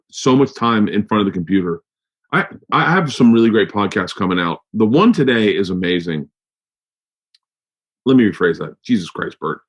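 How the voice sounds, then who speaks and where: A man's voice: on the low side, highs cut off. A man hosting his podcast, talking loosely and profanely with self-mocking asides, a bit tipsy from wine. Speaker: podcast host. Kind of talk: casual rambling podcast intro and ad read.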